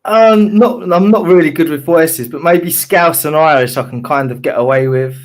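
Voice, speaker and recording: Relaxed joker guest, stumbles over words, voice a touch high. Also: male voice, normal speed. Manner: laid-back, joking, stumbling over words. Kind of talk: casual chat.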